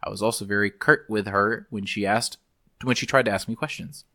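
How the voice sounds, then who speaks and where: A man's voice: on the low side, a little fast, no echo, clean studio sound. A young man hosting a casual podcast who reads questions aloud and riffs goofily, teasing his friends. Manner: goofy, teasing, animated. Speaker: podcast host.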